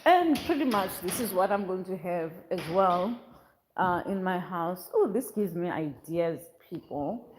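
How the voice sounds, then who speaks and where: A middle-aged South African woman vlogs casually as she tours a large, empty house under construction, her lowish voice lively in intonation and a little slow. She's chatty, exclaiming and rambling off on asides. The rooms echo, and workers and other noise can be heard nearby.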